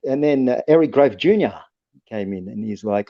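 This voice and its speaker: A man's voice: mid-range voice, animated, normal speed, no room sound. An Australian man telling long stories as a guest on a casual interview podcast, rambling along with lots of fillers and restarts. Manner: rambling, laid-back, full of fillers and restarts. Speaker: guest musician. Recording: dull lo-fi podcast audio.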